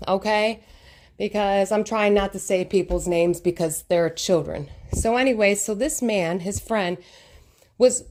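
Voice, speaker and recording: Emphatic woman telling a personal story. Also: medium pitch. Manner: emotional, emphatic, animated retelling. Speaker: vlogger.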